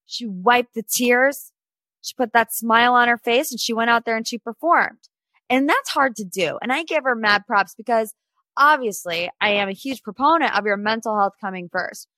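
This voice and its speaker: Woman in her twenties, pop culture podcast host, animated and opinionated, fairly high voice, dry recording. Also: normal speed, no room sound. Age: 20s. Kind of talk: casual pop culture chat.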